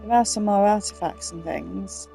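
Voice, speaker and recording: A woman's voice: medium pitch, normal speed, creaky, mellow. A woman hosting a let's play, chatting and thinking aloud with eager enthusiasm. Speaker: gaming channel host. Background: game music.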